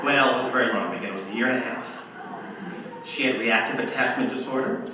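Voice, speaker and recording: A man giving a keynote speech, telling personal stories in an animated way and acting out the voices. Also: medium pitch, quick pace. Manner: animated storyteller who acts out voices. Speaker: keynote speaker. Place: event venue at a fundraiser. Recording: echoey hall, voice from far off, faint noise.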